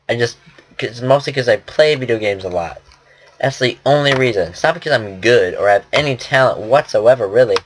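A man's voice: medium pitch, fairly bright tone, a little hiss or hum. A man giving casual game commentary at his computer, rambling and joking at his own expense. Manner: rambling, self-deprecating chatter. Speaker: gaming commentator. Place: at a home computer.

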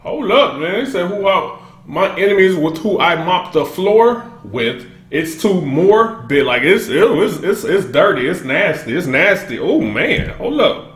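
Male reaction host, high and animated, excitable casual talk, echoey room. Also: measured pace, soft background music. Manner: excitable, keeps interrupting with "hold up"; bursts into laughter and shouts.

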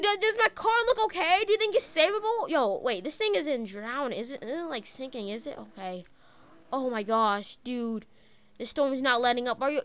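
A woman talks her way through a driving role-play in a game, keeping up a loose stream of excited chatter. Her voice sits high and leaps all over the place as she reacts. The sound is dry and close, with no room around it. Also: no echo. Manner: excitable, chatty, full of "bro" and "dude" exclamations. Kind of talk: casual in-character game role-play commentary.

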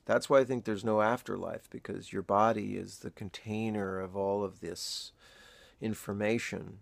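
A grieving father, older, speaking in a halting, reflective way in a personal video diary, close to tears. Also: lowish voice, fairly even intonation, creaky, no room sound. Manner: halting, reflective, pausing often. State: emotional, near tears.

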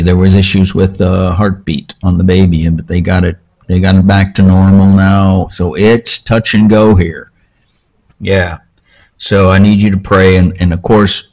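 A man with a low voice delivers a sermon in a church. He talks in a loose, conversational way, often stopping to ask "okay?" and restarting his phrases. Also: a little mellow. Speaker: pastor.

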